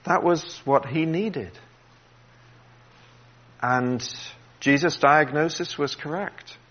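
A man preaching a sermon in an earnest voice, dropping low and quiet when he quotes Jesus. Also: slow, lo-fi sound. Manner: earnest, drops to a hush when quoting, gets emotional.

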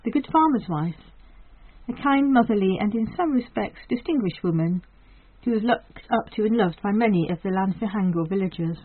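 A woman reading an old storybook aloud in a steady, measured way. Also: medium pitch. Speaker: audiobook reader. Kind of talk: storybook narration. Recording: thin phone-like sound.

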